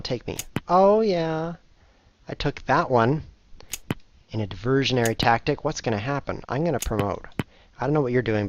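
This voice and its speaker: A man's voice: medium pitch, lo-fi sound, a little hiss or hum. Playful man commentating his own chess games. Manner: playful, jokey, self-mocking, with sudden excited outbursts. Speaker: chess streamer and show host. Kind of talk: live commentary while playing online blitz chess.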